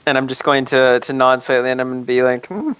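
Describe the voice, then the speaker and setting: A young man playing a tabletop game, speaking in a deliberate, formal way. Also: medium pitch, monotone, a bit bright, clean tone, no room sound, dull audio. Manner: deliberate, formal wording in character. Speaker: player.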